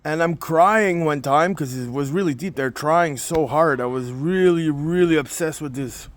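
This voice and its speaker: A man's voice: a little high, moderate pace, no echo. A man telling a rambling, emotional story in casual talk, often repeating himself. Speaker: spirit communication vlogger. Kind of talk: casual monologue.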